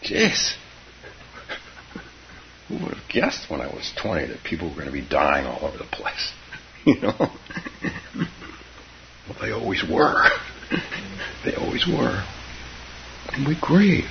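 Gravelly deep-voiced older man, reflective. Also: huge pitch swings. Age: 70s. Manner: unhurried, reflective, soft laughs, drops to whispers. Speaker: meditation teacher. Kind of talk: contemplative dharma talk. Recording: muffled recording with hiss.

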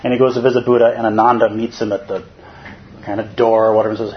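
A man's voice: on the low side, flat delivery, fast talker, lo-fi sound. A man teaching as a Zen teacher in a dharma talk, conversational and humorous, often checking in with listeners.

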